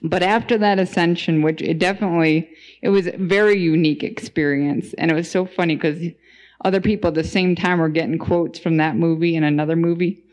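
Woman thinking aloud with halting restarts. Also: lowish voice, steady tone, a little mellow. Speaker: podcast guest. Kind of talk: casual spoken testimony.

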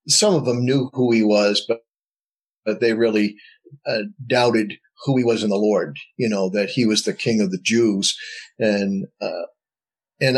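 Low, husky man thinking aloud. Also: poor audio. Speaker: Bible study group member. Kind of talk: reflective group discussion. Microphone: video call.

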